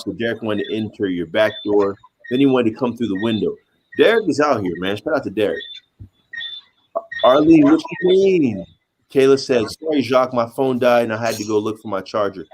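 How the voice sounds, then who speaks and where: A man hosting a casual live stream, reading out chat comments and chatting with a guest in an animated way that repeats itself. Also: medium pitch, normal speed, rough recording. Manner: animated, repeats himself, asks viewers for help. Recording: loud background noise.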